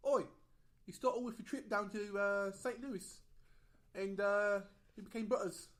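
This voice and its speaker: A cheeky mock-British bloke, put on by a man mid-podcast. The voice is pitched well above his own, bright and ringing, and hammed up for laughs. The put-on British accent is broad and playful. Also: steady tone, a little slow. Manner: playful, hammy.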